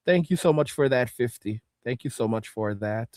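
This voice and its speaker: A man hosting a casual livestream, reading chat comments and reacting, cursing and repeating himself, with frequent throat clearing. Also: medium pitch, animated, normal speed, a little mellow, no room sound, clean studio sound.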